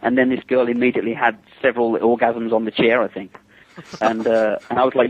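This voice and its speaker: English guest, middle-aged, chatty raconteur on a phone line; husky, dry sound. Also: male voice, medium pitch, quick pace. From England. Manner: lively anecdotes, acts out quotes, laughs often. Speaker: guest, special effects makeup artist. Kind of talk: casual phone interview storytelling.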